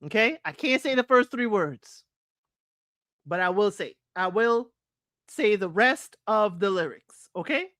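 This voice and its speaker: A woman's voice: mid-range voice, animated, unhurried, fairly bright tone, no echo, clean studio sound. A woman hosting a casual solo talk show, chatting to listeners as y'all and breaking into sung lyrics. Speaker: podcast host.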